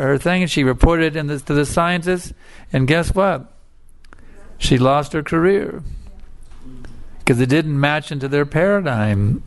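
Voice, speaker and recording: A man's voice: on the high side, vocal fry, smooth. A man giving a sermon and telling a fable in a colloquial, repetitive way, often checking in with his listeners. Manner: colloquial, repetitive, keeps asking "you see?".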